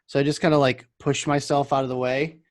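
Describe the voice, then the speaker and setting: A man's voice: fairly quick, no echo, studio quality. A young man casually telling stories about vape shop customers, acting out their voices. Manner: animated, acts out customers in a higher voice. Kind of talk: casual chat, storytelling.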